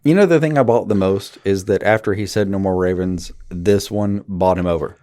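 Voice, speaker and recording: A man chatting on a podcast in a very deep voice with a dark, mellow tone. He is laid-back and mostly chips in with short agreeing remarks. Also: moderate pace. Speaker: podcast co-host. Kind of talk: casual chat.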